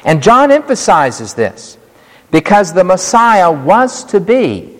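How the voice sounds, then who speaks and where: A man preaches a sermon with a dramatic, swooping delivery, his pitch leaping high and dropping low as he leans into key words. His voice sits a little high for a man. It rings out with a long reverb, as in a large church hall.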